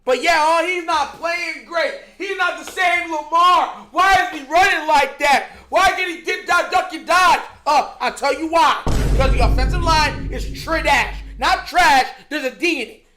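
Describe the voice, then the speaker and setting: High-voiced sports host ranting, fired up and exasperated, keeps laughing mid-point, slangy and mocking. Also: unhurried, pushed and bright, a little hiss or hum. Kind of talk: heated sports talk rant.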